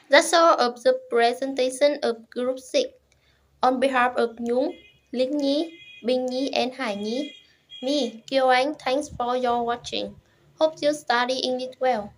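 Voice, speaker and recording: A young woman, a student reading a class presentation in short, careful, halting chunks. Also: high-pitched, steady tone.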